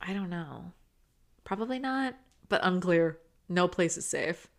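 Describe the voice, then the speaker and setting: A young woman co-hosting a casual podcast, telling a dating story in an animated way and quoting herself with dramatic disgust. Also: fairly low pitch, a little slow. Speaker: podcast co-host. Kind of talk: casual chat.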